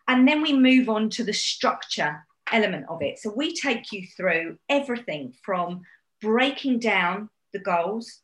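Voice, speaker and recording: A woman business coach with a mid-range voice, explaining in a brisk, encouraging way. Her voice carries a roomy echo around it. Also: mid-range voice, a bit bright. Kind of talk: casual interview chat.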